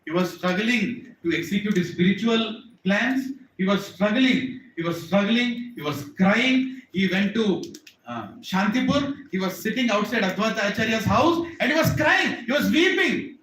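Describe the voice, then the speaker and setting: A preacher gives an earnest sermon in a temple hall, addressing his listeners directly and repeating his points. His voice sits high and is animated and fairly bright at a moderate pace, captured by a distant mic in an echoey hall with a little hiss or hum.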